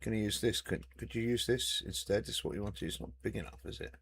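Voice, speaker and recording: A man's voice: on the low side, quick pace, fairly bright tone, a little hiss or hum. A man chatting casually and teasing while playing a video game, with mild swearing. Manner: joking banter with mild swearing. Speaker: gamer.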